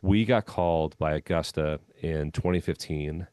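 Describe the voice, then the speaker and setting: Deep-voiced guy telling a golf story on a podcast, laid back, lots of ums, dry close sound. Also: unhurried, clear, resonant tone, no echo. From Minnesota. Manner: relaxed anecdotal storytelling with frequent "um" and "you know". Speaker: podcast guest, former golf club head pro. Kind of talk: storytelling in a conversational interview.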